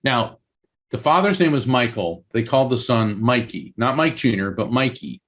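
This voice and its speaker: A man speaks as a podcast guest, telling stories with lively swings in pitch. His voice sits in an ordinary middle register. He often stops and restarts his sentences while he builds the story. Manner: animated, with sudden pitch jumps and halting restarts. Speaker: guest medium and author.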